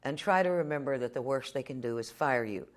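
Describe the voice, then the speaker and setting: A woman in her fifties from Texas talks in a low, deep voice. She answers questions as a veteran television journalist. She is plainspoken and wry, turning her points into short stories. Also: a little fast. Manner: wry storyteller, plainspoken and lively. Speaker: television journalist, interview guest. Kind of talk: casual interview answers.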